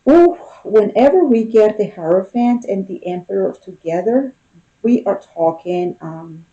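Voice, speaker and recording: A woman with a warm, mellow voice gives a casual tarot reading. She talks loosely and keeps checking in with her listener. The audio is slightly dull and lo-fi. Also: medium pitch, expressive, unhurried. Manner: conversational, often checks in with "okay?" and "you know?". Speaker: tarot reader.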